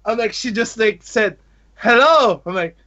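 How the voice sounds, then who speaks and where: A man's voice: high-pitched, steady tone, moderate pace, fairly bright tone, lo-fi sound. A man eagerly telling a story, laughing often and acting out the dialogue. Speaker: guest telling a travel story. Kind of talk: excited storytelling with acted-out quotes.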